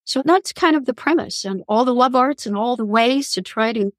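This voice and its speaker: A woman's voice: on the high side, moderate pace, no echo. Earnest woman sharing spiritual stories. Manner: earnest, reflective, spiritual storytelling. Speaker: guest, author and columnist. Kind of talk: podcast interview, personal storytelling.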